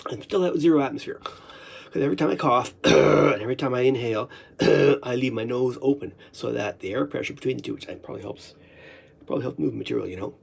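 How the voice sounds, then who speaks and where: A man's voice: mid-range voice, creaky, slight background noise. A man rambling through a personal monologue at home, swearing often and breaking into laughs and coughs.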